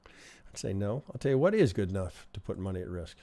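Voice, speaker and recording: A man's voice: low voice, big pitch swings, brisk, mellow. A man teaching trading on a live stream, reviewing charts in a chatty way and often asking "right?". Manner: conversational, keeps asking "right?", thinks aloud. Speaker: trading instructor.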